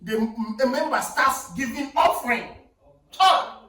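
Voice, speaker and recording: Animated Nigerian man telling a story. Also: very high-pitched, measured pace. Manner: animated, insistent, talks over interruptions. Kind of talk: casual storytelling. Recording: echoey room, distant mic, faint noise.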